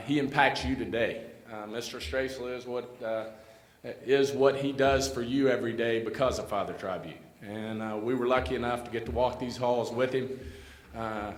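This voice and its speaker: A man telling a folksy school story at a tribute event, full of fillers and asides. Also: mid-range voice. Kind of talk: storytelling speech. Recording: echoey hall with light noise.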